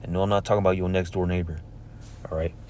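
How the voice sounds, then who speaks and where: A man's voice: low-pitched, level tone, quick pace, darkish tone, a little hiss or hum. A man preaching informally from scripture, talking conversationally and checking in with "all right?" and "man" between verses he reads aloud. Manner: reads verses aloud in old-fashioned wording.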